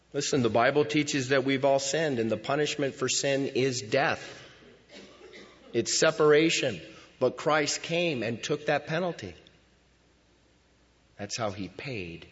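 A man preaching a sermon as pastor in a church, moving between hushed lines and loud cries. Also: mid-range voice. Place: church sanctuary. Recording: dull sound with long hall reverb.

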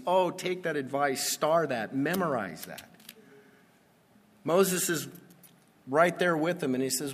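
A pastor giving a sermon, reading Bible verses and explaining them in a conversational way that builds to emphatic peaks. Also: male voice, on the high side, expressive, slow, pauses often, slightly rough. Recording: long reverb of a large hall.

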